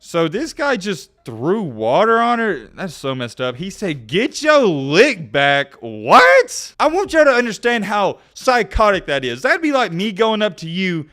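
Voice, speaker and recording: Animated male YouTube commentator. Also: high voice, unhurried, hardly any pauses. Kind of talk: casual commentary.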